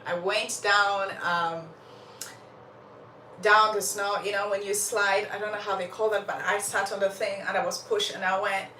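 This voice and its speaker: Her voice is medium in pitch and sharp in tone, with little pitch movement and a normal speed. She's a young woman from Uganda hosting a livestream, chatting casually, laughing often, and coughing slightly from feeling a bit unwell. A distant mic leaves the sound roomy, with faint background noise.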